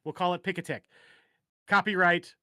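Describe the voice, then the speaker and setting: This high-pitched Minnesotan keeps a fairly even intonation at a normal speed, his tone sharp. As a livestream co-host he chats casually, jumping joke to joke in a rambling way and mumbling as he trails off. Clean studio audio, no room sound.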